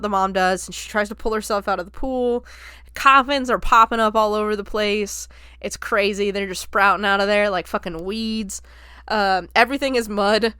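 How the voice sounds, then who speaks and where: Young woman podcaster, animated, profane retelling, smooth clear voice, dry close sound. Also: mid-range voice, no room sound. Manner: profane, animated storyteller who jumps into quoted voices. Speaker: podcast host. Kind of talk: casual film review retelling.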